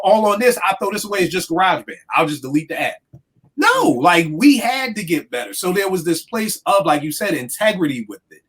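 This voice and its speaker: A man in his forties, a podcast host, ranting in animated, profane casual chat. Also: high-pitched. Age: 40s.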